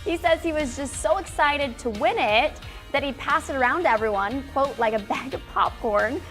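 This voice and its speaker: Easygoing higher-voiced female news anchor. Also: animated, normal speed, fairly bright tone, faint music behind. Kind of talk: morning news banter. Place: TV news studio.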